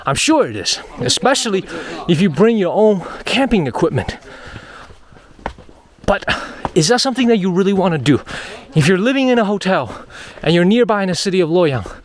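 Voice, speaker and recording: A travel vlogger narrates his own video while hiking up a mountain trail outdoors, his high voice swinging widely in pitch at a moderate pace. He's chatty, thinks aloud, repeats phrases, and is getting winded.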